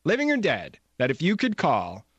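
A man's voice: a little high, wildly swooping pitch, normal speed, fairly bright tone, breathy edge, dry recording, muffled recording. A middle-aged man hosting a talk show, chatting casually and laughing often. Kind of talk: casual chat.

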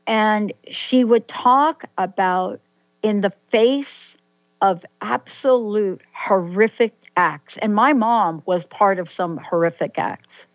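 A woman's voice: mid-range voice, takes it slowly, no echo. Female interviewer, storytelling manner, dead-dry dull lo-fi audio. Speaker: host. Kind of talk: interview conversation.

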